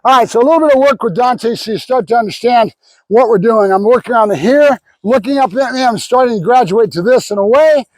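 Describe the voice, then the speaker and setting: A dog trainer, a man with a notably high voice, talks through a hands-on training session. He mixes explanation with quick praise words for the dog. The sound is dry and close, with little room echo. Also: darkish tone. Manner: explains while giving the dog short praise cues.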